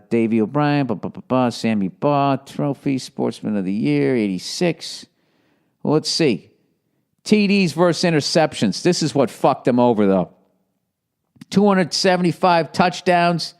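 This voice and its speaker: A man in his forties with a Boston accent, hosting a casual solo podcast and rambling with lots of swearing. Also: mid-range voice. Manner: profane, rambling, slips into shouted movie-gangster impressions. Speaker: podcast host.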